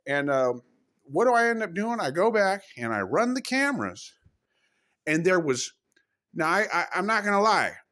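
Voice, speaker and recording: A man's voice: on the high side, a bit bright. Rambling man telling strange stories. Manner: rambling, self-interrupting, emphatic, with mild cursing. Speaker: vlogger. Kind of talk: casual rambling storytelling to camera.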